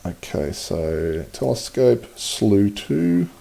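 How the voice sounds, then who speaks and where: Mellow-voiced man hosting a stream. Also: on the low side, expressive, slow pace, gravelly. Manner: chatty, reads out viewer comments, laughs often. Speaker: livestream host. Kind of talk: casual live-stream commentary.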